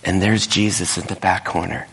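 Male pastor, lowish voice, animated sermon storytelling, long hall reverb. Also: moderate pace, husky.

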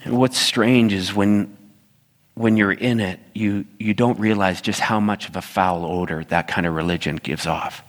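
Male pastor, low-pitched, storytelling sermon voice with animated asides, reverberant church hall. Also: unhurried.

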